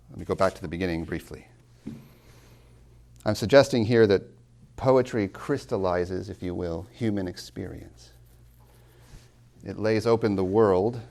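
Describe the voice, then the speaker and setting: Deep, gravelly man lecturing on poetry. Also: a little mellow. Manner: emphatic, with rhetorical questions; slows down to stress key words. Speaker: college tutor lecturing.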